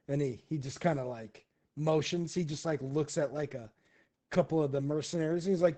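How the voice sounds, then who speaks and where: A man narrating as game master of a tabletop role-playing game in a relaxed way, laughing often. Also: fairly high pitch, a little fast. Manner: relaxed, many fillers and restarts, laughs often.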